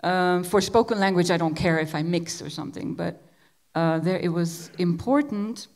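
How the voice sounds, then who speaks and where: A woman from Belgium, a musician, giving a relaxed conversational lecture and often repeating words as she searches for the next thought. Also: fairly low pitch, normal speed.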